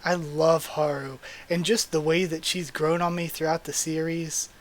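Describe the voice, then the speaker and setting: A man hosting a live manga reading and reaction, excited and gushing. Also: fairly high pitch, moderate pace. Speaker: channel host.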